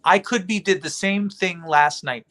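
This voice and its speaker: A man hosting a livestream, talking in a rambling, indignant, animated way. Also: high-pitched, unhurried. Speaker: livestream host. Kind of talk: casual livestream chat.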